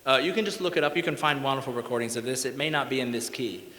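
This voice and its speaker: A man lecturing at a conference in a big hall, his voice ringing with long reverb. He speaks at a middling pitch and makes his points with folksy emphasis, often tagging them with "right?". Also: very fast, pushed and bright. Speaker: music educator giving a conference talk. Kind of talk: conference lecture with sung examples.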